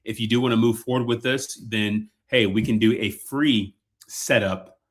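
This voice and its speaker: Chatty low-voiced male webinar presenter. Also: fairly even intonation, normal speed. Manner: loose and chatty, many fillers and repeats. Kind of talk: casual sales webinar presentation.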